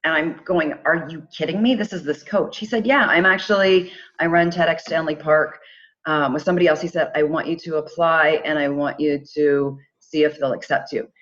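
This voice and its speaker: A middle-aged woman tells a personal story as a podcast guest. She talks in a lively, animated way and slips into quoted voices for the people in it. The recording sounds dull and lo-fi. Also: low voice, moderate pace. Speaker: podcast guest, charity founder. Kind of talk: casual storytelling.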